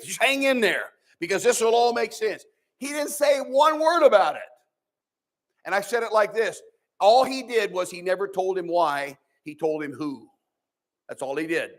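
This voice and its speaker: Emphatic high-voiced preacher man. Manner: emphatic preaching with sudden loud rises and soft drops. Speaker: pastor. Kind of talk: Sunday school sermon.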